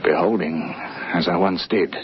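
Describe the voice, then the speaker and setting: An actor in a radio drama playing a refined gentleman, speaking in a polished, lyrical way. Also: low voice, a little slow. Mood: reflective. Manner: polished, lyrical, slightly teasing. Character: refined, reflective young gentleman narrator. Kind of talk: 1950s-style BBC radio drama acting. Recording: dull lo-fi radio recording with faint hiss.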